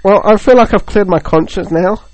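A man's voice: high-pitched, a little fast, darkish tone, no echo, rough recording. A young man co-hosting a podcast, chatting casually and joking with lots of fillers. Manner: rambling and joking, with many fillers. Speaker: podcast co-host. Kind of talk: casual chat.

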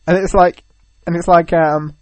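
Young man rambling excitedly, dry close sound. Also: a little high, moderate pace, no room sound. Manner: rambling, animated storytelling with many "like"s. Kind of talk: casual chat.

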